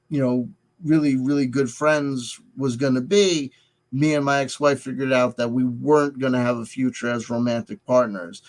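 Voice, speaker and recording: Rambling, halting man in middle age. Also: mid-range voice, rough recording. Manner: halting, full of restarts and "you know". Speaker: vlogger. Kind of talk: rambling personal confession. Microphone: headset headphones.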